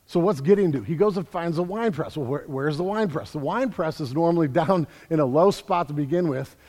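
A high-voiced man preaches with energy, doubling back on his words as he drives each point home. His voice carries a long reverb, as if filling a large church sanctuary. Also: a little fast. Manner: energetic, repeats words while building emphasis. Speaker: pastor. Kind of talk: sermon.

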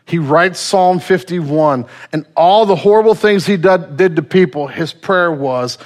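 A male pastor preaching a sermon in a casual, animated storytelling manner. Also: a little high, unhurried, hardly any pauses.

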